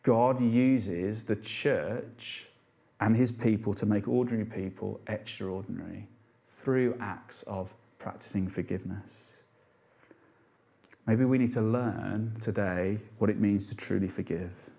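A man with a low, creaky, dark-toned voice preaches a sermon to a congregation at a measured pace. His delivery is earnest but unpolished, with rhetorical questions, some fillers, and restarts.

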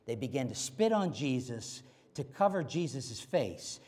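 A man preaching a sermon, stressing lines by repeating them, and swinging from loud to hushed. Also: mid-range voice, very animated, measured pace. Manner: emphatic, repeating key phrases, swinging between loud and quiet.

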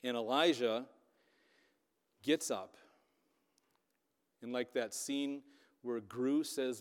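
A man preaching a sermon, retelling scripture as lively storytelling with sarcastic asides. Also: medium pitch, slow pace, pauses often. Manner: animated storytelling, voicing quotes with sarcasm. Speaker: pastor. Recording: long hall reverb.

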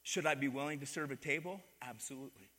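With a long reverb tail trailing his words, a pastor preaches fast in a church sanctuary, his mid-range voice sharp in tone. His call-and-response style has the congregation answering back and repeating after him.

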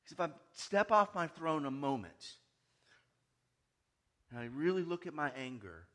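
A man preaching a sermon, moving from hushed, quiet lines to loud, raised ones and asking his listeners many questions. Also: fairly high pitch, sing-song, a little slow. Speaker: pastor.

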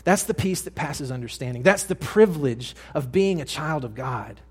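Earnest preacher man, high voice. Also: expressive, normal speed, slightly rough. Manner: earnest preaching, swings from soft and hushed to loud emphatic. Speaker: pastor. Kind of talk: sermon.

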